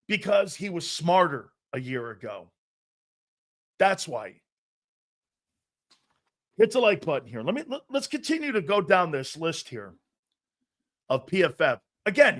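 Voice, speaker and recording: A loud, brash man hosts a live sports talk show, answering his viewers and laughing as he goes. His voice sits a little high for a man. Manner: brash, loud and animated, often laughing at himself.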